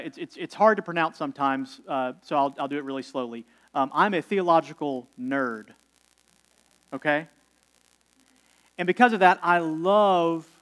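Man, pastor, sermon, fairly high voice, conversational, slow emphatic pauses. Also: a bit bright.

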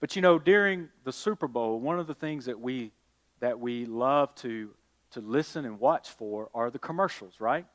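A man preaching a sermon, rising to emphatic calls and then dropping quiet. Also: mid-range voice, animated, normal speed. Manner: addresses listeners as y'all. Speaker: pastor.

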